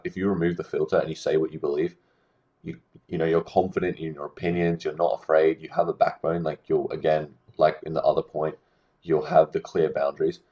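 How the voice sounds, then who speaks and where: A man's voice: very deep voice, darkish tone, dull audio. A young man giving casual social-skills advice straight to camera, rambling with lots of fillers and restarts. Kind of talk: casual talking-head advice monologue.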